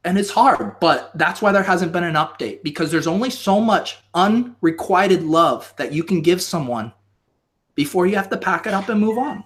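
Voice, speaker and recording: A man with a somewhat high voice guests on a casual live stream. He rambles in an overdone, mock-emotional comic manner. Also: expressive, normal speed, a bit bright. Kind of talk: comedic live stream chat.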